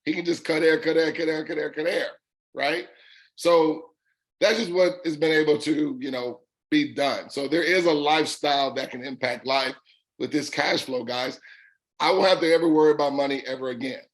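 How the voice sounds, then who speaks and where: A middle-aged man with a raspy voice and a Southern drawl, hosting a call and telling his story in an upbeat, folksy way, repeating words for emphasis. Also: on the high side, moderate pace, low-quality recording. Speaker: host. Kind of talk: casual call testimony.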